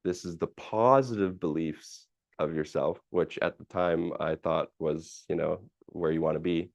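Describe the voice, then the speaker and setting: Low-voiced guy rambling through a story on his livestream, lots of fillers and swearing, dull dry audio. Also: fairly even intonation, measured pace, creaky, no echo. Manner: rambling, with many fillers, restarts and casual swearing. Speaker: live stream host. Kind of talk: casual personal storytelling.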